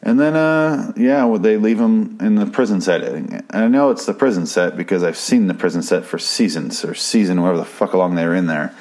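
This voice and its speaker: A man's voice: sits low, fairly quick, hardly any pauses, a little mellow. A man casually recapping a TV episode, rambling and swearing freely with frequent restarts.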